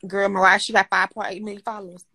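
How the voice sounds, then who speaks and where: A woman co-hosting a casual livestream chat, animated and teasing, often breaking into laughter. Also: mid-range voice, fast, husky, dry recording.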